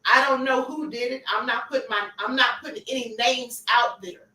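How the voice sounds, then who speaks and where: A woman's voice: fairly high pitch, normal speed, bright, forceful tone, echoey room, far from the mic, poor audio. A woman hosting a livestream, giving emphatic celebrity gossip commentary and repeating her points for effect. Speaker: livestream host.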